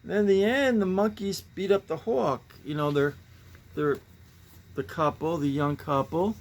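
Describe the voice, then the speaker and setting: A man's voice: a little high, a little slow, darkish tone. A man hosting a casual show-and-tell about his comic book collection, rambling and musing with sighing asides.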